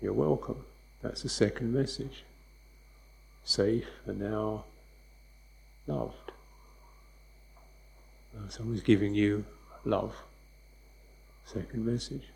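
A man giving a dharma talk as a meditation teacher, speaking softly and unhurriedly, with reflective repetitions. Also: lowish voice, fairly even intonation, slow pace, vocal fry, long pauses, low-quality recording.

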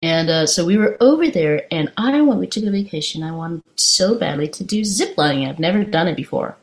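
Low-voiced woman telling a story. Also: fairly quick. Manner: lively storytelling, turning reflective. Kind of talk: dharma talk with personal story.

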